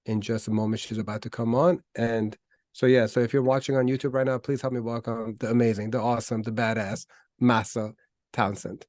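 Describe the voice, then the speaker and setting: A man's voice: medium pitch, flat delivery, fairly quick, darkish tone, dry recording, studio quality. A man hosting an online talk show, speaking enthusiastically with frequent ums and restarts. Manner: enthusiastic, hesitant with fillers. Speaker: host.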